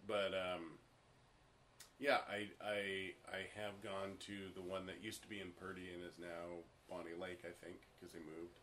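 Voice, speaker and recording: A man co-hosting a podcast in casual chat, laid-back and halting, with many hesitations. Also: low-pitched, little pitch movement, fairly bright tone, a little hiss or hum. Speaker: podcast co-host.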